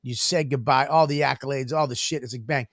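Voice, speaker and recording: A man's voice: medium pitch, steady tone, fairly quick, a bit bright, dry recording, studio quality. A man co-hosting a podcast, telling rambling stories full of swearing and laughter in casual banter. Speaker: podcast co-host, comedian.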